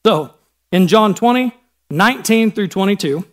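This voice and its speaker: A man's voice: sits high, lively intonation, moderate pace. A man with a Midwestern American accent preaching a sermon, conversational and acting out Bible scenes in casual voices. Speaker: pastor.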